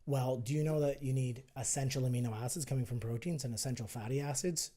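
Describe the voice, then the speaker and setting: A health and fitness entrepreneur talks persuasively as a guest on a podcast, casually acting out both sides of an argument. His voice is mellow and medium-pitched, delivered at a quick pace.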